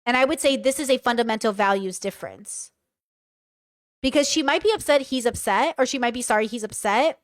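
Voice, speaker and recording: Clear-voiced young woman reacting frankly. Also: on the high side, fairly quick, dry recording, studio quality. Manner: reads messages aloud and comments frankly, swearing. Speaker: commentary streamer. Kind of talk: casual reaction commentary.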